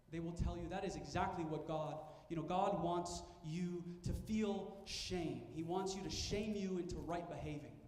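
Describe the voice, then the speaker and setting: Pastor, male, high voice, emphatic storyteller, long church-hall reverb. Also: darkish tone. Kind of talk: sermon. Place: church sanctuary. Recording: echoey church hall with faint ambience.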